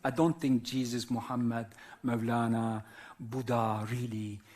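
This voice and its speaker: A man's voice: medium pitch, steady tone, darkish tone. A man in his fifties from Turkey, a native Arabic speaker, giving a reflective live talk as a whirling dance teacher in simple non-native English, often checking in with listeners. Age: 50s. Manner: slow, philosophical, checks in with listeners.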